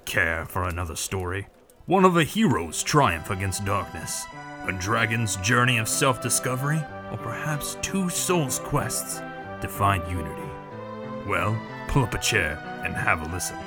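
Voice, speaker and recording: A man's voice: lowish voice, sing-song, a little slow, loud music behind the voice. A man voicing a welcoming male tavern storyteller with an inviting, theatrical delivery.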